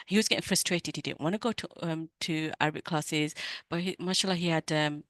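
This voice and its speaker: Low-voiced emotional woman coach. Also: fairly even intonation, fairly bright tone, no echo. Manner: emotional, earnest, addresses listeners as sisters, halting restarts. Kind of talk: heartfelt personal talk to women.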